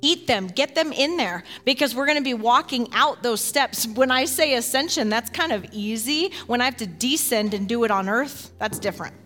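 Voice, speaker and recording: A woman pastor preaching a sermon in an animated, folksy way, with quick casual asides and rising excitement. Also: fairly high pitch, soft background music.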